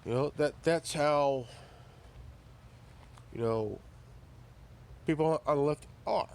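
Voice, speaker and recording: A man delivering a profane, confrontational ranting monologue as a commentary vlogger, often stumbling and repeating himself. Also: fairly high pitch. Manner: profane, confrontational, halting repetitions.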